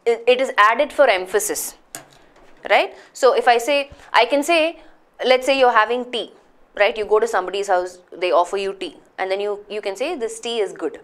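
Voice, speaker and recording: A woman's voice: on the high side, normal speed, a bit bright. A woman teaching a live grammar class, explaining patiently and checking that students follow.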